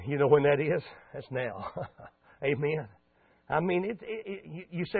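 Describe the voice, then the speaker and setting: A man's voice: a little high, lively intonation, measured pace, vocal fry, slightly rough, dry recording. A man preaching a sermon in a folksy manner that rises into fervent exhortation, heard over a tinny radio broadcast.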